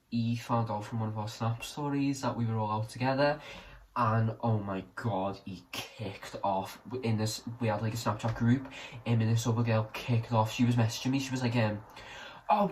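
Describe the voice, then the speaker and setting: A man's voice: medium pitch, fairly even intonation, normal speed, slight background noise, poor audio. Cheeky rambling young man. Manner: rambling, cheeky and self-correcting. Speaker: vlogger. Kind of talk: casual chat vlog while drinking.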